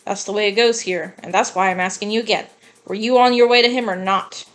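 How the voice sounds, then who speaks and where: A woman's voice: medium pitch, steady tone, fairly quick, lightly acted. A woman reading aloud the lines of an angry, vengeful male gang member from a video game, cursing in a heated way. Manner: reads game dialogue aloud plainly, heated curses.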